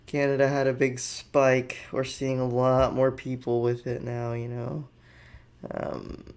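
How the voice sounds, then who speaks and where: A man's voice: medium pitch, darkish tone. A man hosting a podcast who reads news headlines and riffs on them with jokey, rambling asides. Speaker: podcast host. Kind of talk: casual comedic news commentary.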